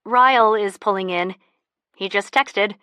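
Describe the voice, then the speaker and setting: A woman doing a flustered, excitable young woman. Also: a little slow, smooth, no echo. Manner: high, breathless, excitable.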